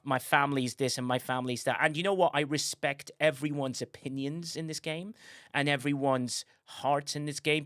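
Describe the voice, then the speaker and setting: A man's voice: medium pitch, a bit bright, no echo, studio quality. A man hosting a casual livestream, rambling with many fillers and repeats. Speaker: livestream host.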